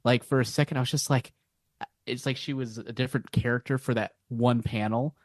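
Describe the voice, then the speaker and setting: A man's voice: medium pitch, steady tone, brisk, dry recording. An easygoing man talks through a comic panel, thinking aloud in a middle register. His voice is dry and close, with no room sound around it. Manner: easygoing, musing, with many fillers. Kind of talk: casual podcast chat.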